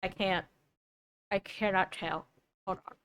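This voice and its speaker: A woman's voice: medium pitch, steady tone, measured pace, fairly bright tone, no echo. A young woman streamer chatting casually while she draws, thinking aloud and doubting herself as she goes. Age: young adult.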